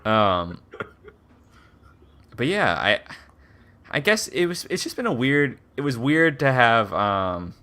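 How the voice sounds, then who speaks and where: A man's voice: mid-range voice, big pitch swings, takes it slowly, long pauses, pushed and bright. A man co-hosting a casual podcast, talking about films in a hesitant way with many ums. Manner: hesitant, lots of ums and restarts. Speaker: podcast co-host. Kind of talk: casual chat.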